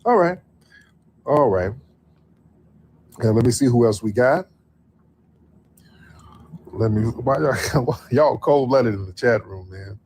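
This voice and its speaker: A man's voice: mid-range voice, expressive, takes it slowly, pauses often, darkish tone. Guy hosting a call-in livestream, laid back and drawly, keeps repeating himself, faint noise behind. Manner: loose, drawling, repeats phrases. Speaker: livestream host taking callers. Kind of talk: casual call-in livestream chat.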